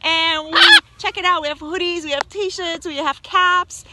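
A woman's voice: extremely high pitch, steady tone, normal speed. A woman with a German accent vlogging outdoors in a windy park, bubbly and giggly, calling out to her parrot. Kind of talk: outdoor vlog chat.

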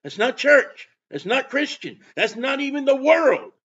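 Emphatic high-voiced male preacher, husky. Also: very animated, measured pace. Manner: emphatic, rising to loud bursts. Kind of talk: sermon. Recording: dull lo-fi sound.

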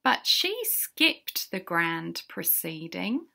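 A woman storyteller reads a rhyming children's book in a slow, sing-song way. Her bright, crisp tone sits slightly high, with a gravelly edge of fry. She often asks her young listeners questions and sometimes drops into soft whispers. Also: big pitch swings. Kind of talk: reading a rhyming picture book aloud.

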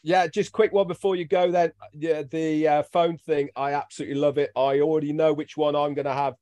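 A man co-hosting a webinar on a video call, quick and jokey as he gives shout-outs. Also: fairly high pitch, dry recording. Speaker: webinar co-host. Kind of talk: casual chat, shout-outs.

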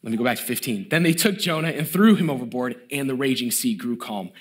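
This middle-aged pastor preaches in church at a rapid clip, his voice sitting in the mid-range. He animates each character of the story vividly, yet grows quiet and gentle when speaking of mercy.

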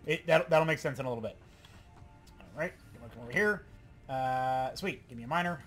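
A man hosting a let's play, giving excitable, rambling gameplay commentary and talking to himself. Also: mid-range voice, moderate pace, faint music behind.

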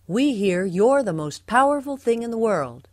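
Woman doing a nervy dad mouse from a bedtime story, loud and eager, kinda stammery. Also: on the high side, very animated, normal speed, dry recording, studio quality, voice pushed up. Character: fussy anxious male father mouse.

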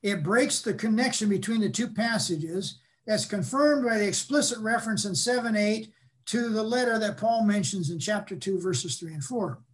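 Older man giving a measured academic lecture. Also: sits high. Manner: measured, explanatory, pausing to restate.

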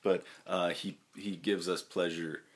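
A man with a low voice chats casually to the camera at home. He rambles, stops and restarts, and fills his pauses with ums and uhs. Now and then he turns to his dog and talks to it in a fond, raised voice. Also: little pitch movement. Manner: rambling, halting, lots of fillers and restarts. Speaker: vlogger.

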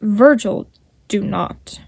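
A woman voicing a sly, snake-like male deceiver in a storybook reading, with a smooth, honeyed manner. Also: medium pitch, measured pace, warm tone, no echo. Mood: snarling. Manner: purring and mocking.

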